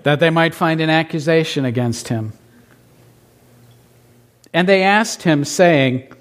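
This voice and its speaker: A man's voice: on the high side, takes it slowly, long pauses. A man preaching a sermon to a congregation, often posing rhetorical questions and adding playful asides. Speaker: pastor.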